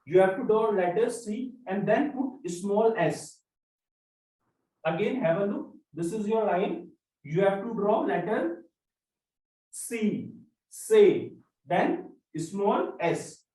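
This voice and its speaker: A teacher walks through a language lesson at an unhurried pace, repeating each example and its meaning. The voice sits in an echoey room, picked up from some distance away from the mic. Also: medium pitch, animated, dark tone. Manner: slow, repetitive drilling of examples. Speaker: French teacher. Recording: roomy echo, mic far off.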